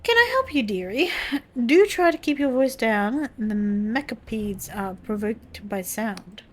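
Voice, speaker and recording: A woman's voice: fairly high pitch, expressive, measured pace, slight background noise. A woman doing a prim sugary librarian. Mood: sweetly warning. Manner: sugary, calls people dearie. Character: prim late-middle-aged woman librarian, evasive.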